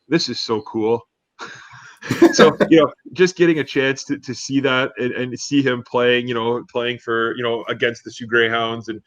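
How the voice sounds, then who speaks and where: Here a man with a medium-pitched, slightly bright voice co-hosts a sports talk show. He keeps things casual, telling rambling stories with plenty of fillers, and the audio is dull, dry and lo-fi.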